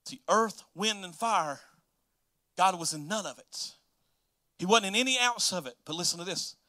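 A male pastor preaching a sermon, moving between hushed, soft passages and loud, emphatic lines with repeated rhythmic phrases. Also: high-pitched, expressive, moderate pace.

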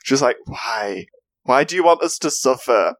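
Very low-voiced wry woman podcaster. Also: expressive, normal speed. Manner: wry, dramatic. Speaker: podcast co-host. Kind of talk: casual chat.

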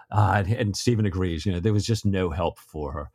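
A man's voice: sits low, moderate pace, hardly any pauses, darkish tone, no room sound. A man co-hosting a casual book discussion podcast, loosely retelling scenes with stammering restarts. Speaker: podcast co-host.

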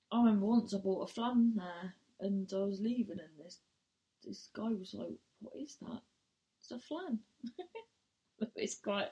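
Southern english woman, young, swears a lot, rambles through stories, casual chat. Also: medium pitch. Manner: sweary, rambling, animated storytelling. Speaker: stand-up comedian hosting a podcast.

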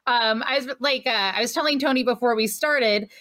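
A woman hosting a podcast in casual chat, excitable and laughing often. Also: on the high side, a little fast, no echo. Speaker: podcast host.

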